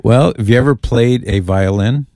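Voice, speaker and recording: A man's voice: mid-range voice, normal speed, dark tone, no echo, studio quality. A man hosting a radio call-in show, trading folksy jokes with callers and his co-host in casual on-air banter. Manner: folksy, joking, takes calls and chats with his co-host. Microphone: studio microphone.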